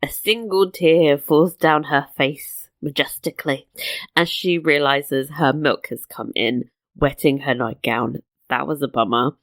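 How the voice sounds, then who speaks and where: A woman's voice: sits low, unhurried, a bit bright, no echo. A woman co-hosting a podcast, recapping a TV episode in casual chat with sarcastic asides. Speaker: podcast co-host.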